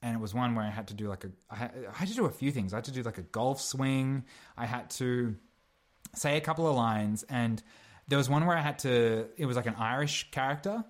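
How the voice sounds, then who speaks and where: Speaking a little fast at medium pitch, this young man is an actor on a podcast. His casual chat wanders, full of fillers and restarts.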